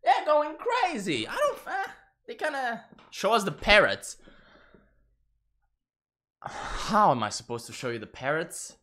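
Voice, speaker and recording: A man's voice: high voice, big pitch swings, unhurried, pauses often, pushed and bright. A man streaming a game in casual, profane commentary, laughing and getting sidetracked. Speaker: gaming streamer.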